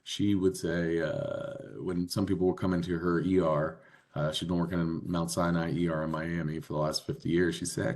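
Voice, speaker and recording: A man with a deep, low voice teaches a biology lesson. He explains in a casual, conversational manner, stopping often for fillers as he walks through examples. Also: flat delivery, normal speed. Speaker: biology instructor. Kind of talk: classroom lecture.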